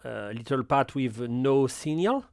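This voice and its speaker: Middle-aged French-accented male tutor, slow and stop-start, smooth clear tone. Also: medium pitch, lively intonation, no echo, clean studio sound. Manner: halting, self-correcting non-native English. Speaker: audio gear reviewer. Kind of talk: hands-on equipment tutorial.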